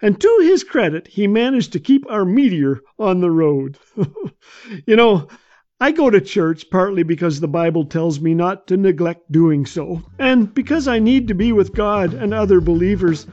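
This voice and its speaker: A man on a radio devotional, telling a gently comic family anecdote in a humorous storytelling style. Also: sits high, lively intonation, normal speed. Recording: dull lo-fi.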